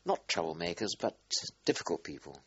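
An older man recalling his wartime squadron in an interview, halting and searching for words. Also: low voice, very animated, husky, no room sound, dull audio. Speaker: interviewee, former squadron commander. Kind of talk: oral history interview.

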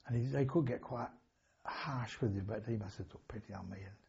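Older man with a gravelly, husky voice. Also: on the low side, a little fast, darkish tone, dull audio. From England. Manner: rambling anecdotal storytelling with chuckles and self-corrections. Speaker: interviewee, war veteran. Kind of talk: oral history recollection.

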